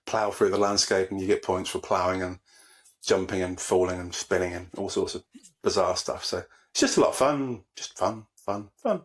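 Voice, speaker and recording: A man's voice: deep voice, fairly even intonation, fairly quick. A man co-hosting a podcast, chatting in an easygoing way and explaining things at length. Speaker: podcast co-host. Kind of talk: casual chat.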